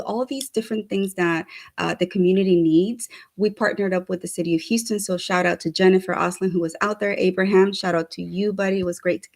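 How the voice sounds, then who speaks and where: A woman co-hosts a casual talk show in an energetic, upbeat way, handing out one shout-out after another. Her voice sits in a middle pitch. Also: gravelly. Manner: energetic, gives many shout-outs. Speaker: co-host. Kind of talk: casual chat.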